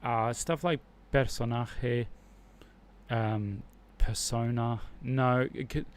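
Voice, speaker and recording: A man's voice: medium pitch, steady tone, slow pace. An Australian man hosting a casual livestream, thinking aloud as he reviews Spanish flashcards. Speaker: livestream host learning Spanish.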